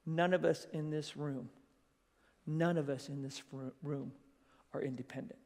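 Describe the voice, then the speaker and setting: A high-voiced man preaches at a school chapel, animated and conversational, slipping into quoted voices as he speaks straight to the young crowd. His voice rings out with a long hall reverb. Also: a little slow, vocal fry. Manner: animated, acts out quoted voices, addresses listeners as "you guys".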